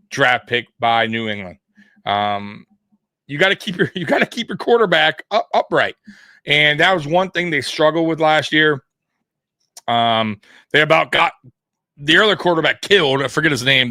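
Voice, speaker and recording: Bright, dry-voiced South Florida sports talker. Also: male voice, mid-range voice, no echo. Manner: rambling, laughs often, frequent restarts and fillers. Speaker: sports podcast co-host. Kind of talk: casual live sports chat.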